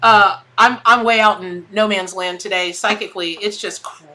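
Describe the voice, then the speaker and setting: A woman's voice: medium pitch, steady tone, moderate pace, sharp tone. A woman hosting a live tarot stream, chatting in a bubbly way and greeting viewers by name. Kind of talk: casual live-stream chat.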